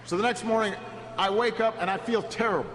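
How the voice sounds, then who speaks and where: A man giving a storytelling speech at a podium, halting and repeating words as he restarts, and rising to a rousing, shouted close. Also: sits high. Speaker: political speaker. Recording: echoey hall with steady background noise.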